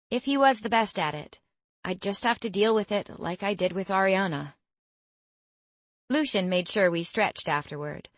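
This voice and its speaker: Young woman narrator, wry and expressive, lowish voice, dry booth sound. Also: no echo. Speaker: audiobook narrator. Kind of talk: first-person scripted narration.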